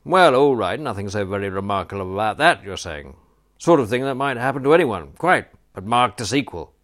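A peevish old duke who rambles and blusters, sounding low and a touch louder than the teller's own voice, as a man reads him aloud. He grumbles on in a storybook reading. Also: very animated, a little fast. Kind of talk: audiobook character voice.

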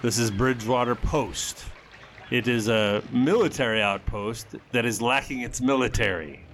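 A man's voice: medium pitch, moderate pace, a bit bright, slight background noise. A man narrating a tabletop game as game master in a dry, matter-of-fact way.

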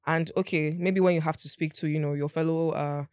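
A speaker from Nigeria talks quickly in casual conversation, asking probing questions and often restarting sentences. The voice sits at a middle pitch. The recording is dry and close. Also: steady tone, a little mellow, clean tone, no echo. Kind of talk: casual chat.

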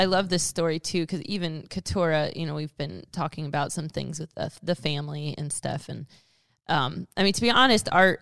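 A woman in her thirties with a low voice and a gravelly edge, co-hosting a faith podcast. She talks earnestly and rambles with plenty of fillers, laughing often. The sound is close and dry. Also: a bit bright, dry recording. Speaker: co-host.

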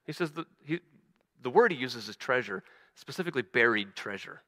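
A man preaching a sermon as a pastor, animated, acting out quoted voices, often stumbling and restarting. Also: mid-range voice, a little fast, long reverb tail.

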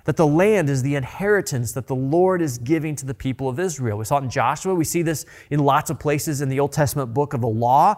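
A man's voice: a little high, fairly quick, few pauses, a little mellow. A man preaching a sermon in an earnest way, often repeating words as he builds a point. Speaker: pastor.

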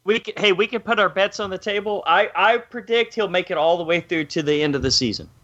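A man's voice: high-pitched, fast talker, sharp tone, dull audio. A man hosting a casual podcast, exclaiming, laughing often and swearing freely. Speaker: podcast host.

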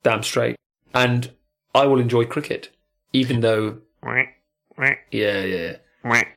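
A man's voice: mid-range voice, takes it slowly, creaky, fairly bright tone. A man hosting a podcast in casual chat, talking in an emphatic, motivational way.

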